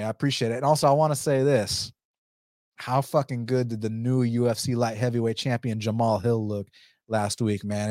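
Speaking in a medium-pitched, darkish voice, a young MMA betting analyst animatedly walks through a fight and his betting picks. He's blunt and casual, swearing freely and leaning on fillers. The studio-quality recording is dry.

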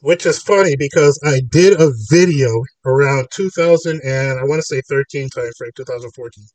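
A man's voice: mid-range voice, normal speed, darkish tone, no room sound, recorded from a distance, low-quality recording. A man hosting a call-in podcast, arguing his points in long rambling runs. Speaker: podcast host. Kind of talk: casual call-in talk.

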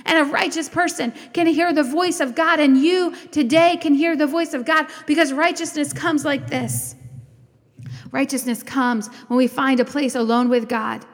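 A woman preaching a sermon with impassioned, rising declarations that slow into soft prayer. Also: high voice, steady tone. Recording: long hall reverb.

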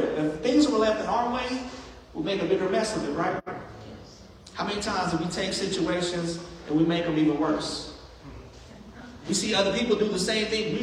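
Pastor, male, higher voice, conversational sermon, picked up from a distance in a reverberant church. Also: slight background noise. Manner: conversational preaching with acted-out asides. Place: church sanctuary. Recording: echoey hall from far off.

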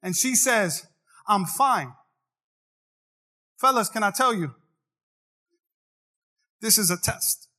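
A man's voice: high voice, measured pace, long pauses, pushed and bright. A man preaching a sermon, joking with the crowd and swinging into singsong rises. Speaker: pastor. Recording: long hall reverb.

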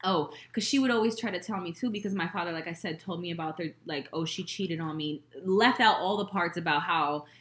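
A woman co-hosting a candid casual chat, telling stories in an animated, profane way. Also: on the low side, a little fast, few pauses, echoey room.

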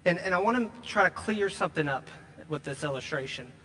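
A man preaching a sermon, emphatic, repeating key lines and slowing down to stress them. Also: high-pitched, expressive, sharp tone, in a large hall. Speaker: pastor.

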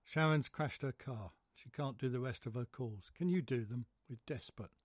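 A man's voice: medium pitch, normal speed, husky, dry recording, clean studio sound, natural voice. A man voicing a pushy, pleading female care agency coordinator who coaxes and wheedles. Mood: coaxing. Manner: coaxing, wheedling.

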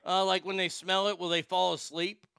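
A man's voice: high voice, flat delivery, normal speed, creaky, pushed and bright, clear, resonant tone, dry recording, clean studio sound. A man hosting a talk show, pranking a call center and joking about it afterward with stammering restarts. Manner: jokey, giggly, stammering restarts. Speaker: show host making prank calls.

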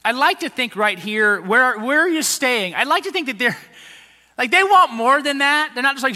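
A man's voice: very high voice, lively intonation, normal speed, pushed and bright, in a large hall. A man preaching a conversational sermon as pastor, acting out the people he quotes in little voices.

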